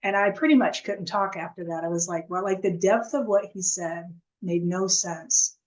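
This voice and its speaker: A woman as an interview guest, telling her story earnestly in a halting, casual way with many restarts. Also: medium pitch, rough recording.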